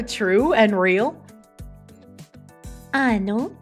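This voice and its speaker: A woman's voice: a little high, very animated, measured pace, long pauses, fairly bright tone. A woman streamer chatting casually and reading out viewer messages, swearing freely and laughing often. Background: faint background music.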